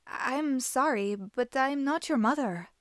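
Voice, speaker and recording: A kind young woman expecting a baby speaks softly and formally to comfort lost children, as a reader puts her on. Her voice is higher than average and soothing. The sound is dry and close. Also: slow, no echo. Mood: gentle. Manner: soft, soothing, formal speech.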